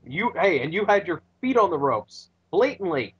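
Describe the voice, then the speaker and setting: A man's voice: high voice, sing-song, normal speed, lo-fi sound, noisy background. A man co-hosting a wrestling podcast, recapping matches in a laid-back, hesitant way. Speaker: podcast co-host. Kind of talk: casual wrestling recap chat.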